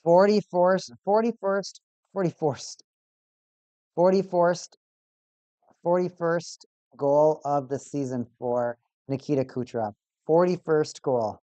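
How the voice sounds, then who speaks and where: Excitable streamer calling hockey, dry sound. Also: medium pitch, slow pace, dry recording, dull audio. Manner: excitable play-by-play, repeats stats aloud. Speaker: watch-party streamer. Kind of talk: casual live hockey commentary. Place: home streaming setup.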